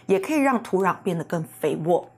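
A woman co-teaching a bilingual English lesson, explaining clearly. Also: on the low side, animated, a little fast.

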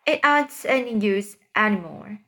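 A woman's voice: medium pitch, lively intonation, sharp tone. A woman voicing a frightened man accused of murder, pleading between sobs in a storybook reading. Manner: pleading, halting.

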